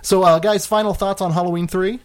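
A man's voice: high-pitched, fairly even intonation, brisk. A man hosting a casual film podcast, talking in a rambling way with lots of fillers. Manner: rambling, hesitant with many fillers. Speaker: podcast host.

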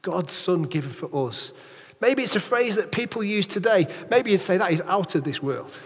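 A man preaching a lively sermon in a church, chatting with and questioning his congregation. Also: high-pitched, moderate pace, slightly rough, long reverb tail. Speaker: pastor.

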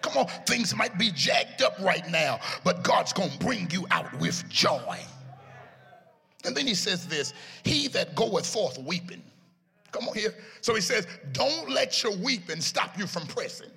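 Raspy, sing-song preacher with a high voice. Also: male voice, sing-song, unhurried. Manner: chanting, sing-song preaching with shouted peaks. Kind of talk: sermon. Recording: echoey hall with music behind.

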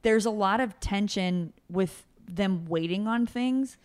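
A woman's voice: mid-range voice, slow, a little mellow, smooth. A woman hosting a podcast, chatting casually and animatedly with lots of filler words. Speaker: podcast host. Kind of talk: casual chat.

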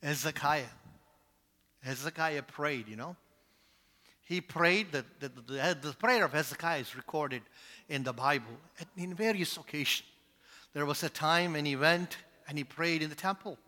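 A man preaching a sermon, swinging between loud shouted climaxes and hushed whispers, often repeating "praise God" and asking the crowd questions. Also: a little high, normal speed. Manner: peppers speech with "praise God" and call-and-response questions. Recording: long hall reverb.

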